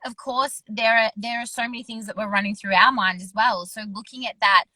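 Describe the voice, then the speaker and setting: A woman in her thirties speaks frankly and earnestly on a wellness podcast, swearing casually as she talks. Her voice is bright and forceful. The recording is dry, with no room echo. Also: a little high, steady tone, a little fast. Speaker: wellness coach and co-host.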